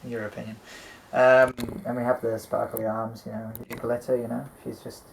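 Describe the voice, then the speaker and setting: Casual collector co-host, male, creaky voice, loose and rambly, swears a lot. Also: mid-range voice, level tone, brisk, a little hiss or hum, low-quality recording. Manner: rambling, swears freely, many ums. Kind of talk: casual chat showing a collection.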